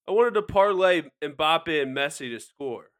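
Higher bright-voiced guy joking around on a betting podcast. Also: lively intonation, unhurried. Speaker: podcast co-host. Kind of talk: casual sports betting chat.

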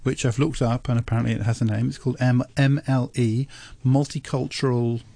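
A man presenting on radio, chatting casually in a studio, thoughtful and hesitant with many pauses. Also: mid-range voice, flat delivery, creaky, warm tone. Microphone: studio microphone.

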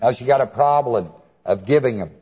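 A man's voice: medium pitch, a little fast, dark tone, husky. A man preaching a sermon, asking the congregation to fill in words and spelling terms out letter by letter. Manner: call-and-response questions to the congregation. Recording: dull lo-fi recording with long hall reverb.

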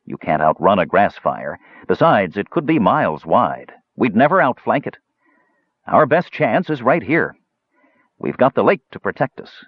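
Man doing a calm, somber half-elf. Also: lowish voice, husky, dry recording. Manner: slow, steady and soothing. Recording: dull dry lo-fi recording.

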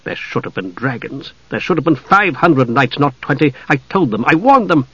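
A man reading an audiobook, voicing a gruff bearded older male warrior who speaks bluntly and with exasperation. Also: mid-range voice, sing-song, normal speed, bright, forceful tone, no room sound, highs cut off, full character voice. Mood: exasperated. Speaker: audiobook narrator.

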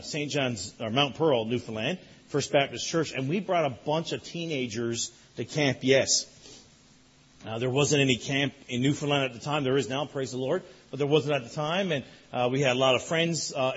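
A man preaching a sermon as a pastor, telling a lively story that builds in excitement. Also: mid-range voice, slightly rough, highs cut off. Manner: animated storytelling, rising loud in excitement.

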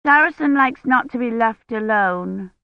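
Little girl, stubborn, anxious, old-fashioned speech, put on by a female audiobook reader; slow delivery. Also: a little high, lively intonation, no room sound, pitched above the performer's own voice. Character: small stubborn medieval girl, anxious and pleading. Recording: dull dry audiobook recording.

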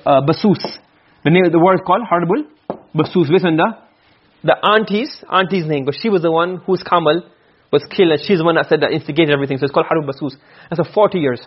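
A man teaching Arabic grammar to a class, asking questions and answering them himself, and reciting verses slowly. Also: on the high side, slightly rough, dull audio. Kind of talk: classroom lecture.

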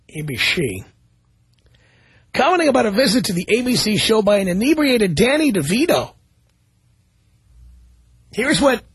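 A man's voice: high-pitched, slightly rough, no room sound. A man hosting a talk radio show, reading news stories aloud and commenting on them sarcastically.

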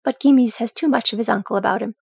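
A woman's voice: fairly high pitch, fast, gravelly, a little mellow, breathy edge, dry recording, clean studio sound, heavily acted. Dís, a woman reading as a proud, grieving dwarf noblewoman. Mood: restrained. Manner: tight, restrained.

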